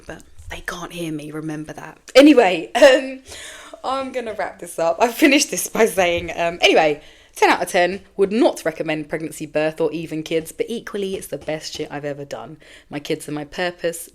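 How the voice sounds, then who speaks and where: A woman with a low voice hosts her own podcast. She talks in a candid, rambling way with casual swearing, a little emotional as she goes. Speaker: podcast host. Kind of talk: personal monologue podcast.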